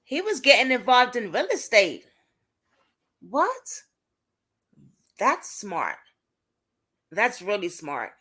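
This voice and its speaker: A woman's voice: a little high, wildly swooping pitch, slow, long pauses, sharp tone, husky. A young woman with a Brooklyn accent hosting a casual livestream, talking to viewers by name in an emphatic, indignant way. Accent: Brooklyn New York. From Brooklyn, New York. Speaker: host of an advocacy livestream.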